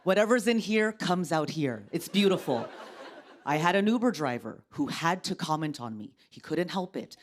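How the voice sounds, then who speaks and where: A woman's voice: low voice, very animated, moderate pace. Wry woman in her thirties doing stand-up. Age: 30s. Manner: wry, exasperated, acts out quoted people loudly. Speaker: stand-up comedian. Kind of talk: stand-up comedy set. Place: television studio stage. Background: studio audience laughter.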